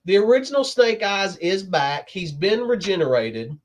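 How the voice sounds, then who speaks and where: A laid-back man with a fairly high voice, telling stories in casual chat about comics. He talks easily and unhurried, recounting things step by step. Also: lively intonation. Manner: storytelling, laid-back with laughs. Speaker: podcast co-host.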